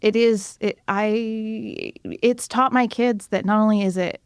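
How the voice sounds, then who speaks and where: A woman's voice: medium pitch, fairly even intonation, slow pace, smooth, no room sound, studio quality. A woman hosting a community radio show, a mother telling candid stories from home in a loose, conversational way. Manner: candid, storytelling, many restarts and "like".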